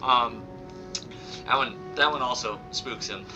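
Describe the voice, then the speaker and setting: A man's voice: mid-range voice, a little slow, highs cut off. A man chatting playfully while live-streaming a video game, with a slightly squawky voice. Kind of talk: live gameplay commentary. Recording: game music behind.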